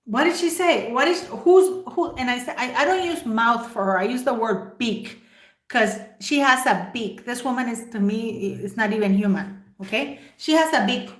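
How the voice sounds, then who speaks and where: A woman's voice: fairly high pitch, moderate pace. Emphatic woman, roomy echo. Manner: emphatic, full of rhetorical questions; talks straight to her viewers. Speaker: livestream host. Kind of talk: opinionated livestream commentary.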